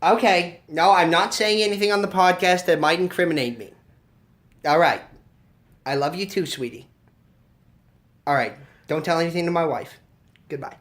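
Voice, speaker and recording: A man's voice: a little high, normal speed, pauses often, fairly bright tone, lightly acted. A man doing a stammering, self-pitying mogul. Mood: evasive. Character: whiny, evasive male movie mogul, middle-aged. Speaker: guest. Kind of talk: improvised comedy sketch.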